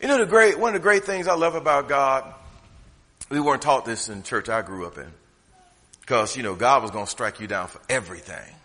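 A man preaching a humorous, conversational sermon from the pulpit, swinging from loud to hushed. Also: mid-range voice, fairly quick, long reverb tail. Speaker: pastor. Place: church sanctuary.

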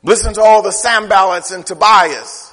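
High-voiced pastor man preaching in a church with long echo, chatty, lots of rhetorical questions. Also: normal speed, a bit bright. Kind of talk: sermon.

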